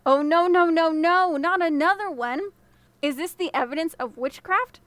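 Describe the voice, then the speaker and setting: A woman's voice: high voice, a little fast, bright, forceful tone, dry recording. A woman voicing a fretful, superstitious male farmer in a storybook, exclaiming in alarm. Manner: jumpy, exclaiming.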